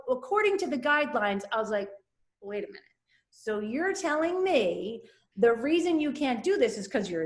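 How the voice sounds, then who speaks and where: A middle-aged woman telling a candid personal story with animated energy, acting out the voices of people she quotes. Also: a little high, roomy sound.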